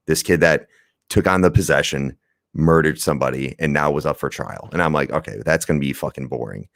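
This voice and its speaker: A man's voice: rumbling low, no echo, studio quality. A man co-hosting a podcast, chatting casually and rambling through a movie review, laughing and swearing as he goes. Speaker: podcast co-host.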